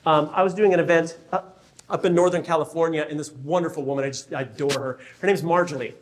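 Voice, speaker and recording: A man's voice: on the high side, fast. A man, a real estate coach, giving a keynote talk and acting out conversations with raised voices. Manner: animated storyteller, acts out dialogue in raised voice.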